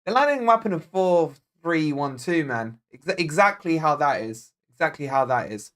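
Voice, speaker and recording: A fairly high-voiced man with a Scottish accent hosts a live football watch-along. He keeps it casual and jokey, answering viewer messages one after another. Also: sing-song, normal speed, fairly bright tone. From Scotland. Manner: chatty, jokey, reads viewer comments aloud. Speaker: football fan channel host.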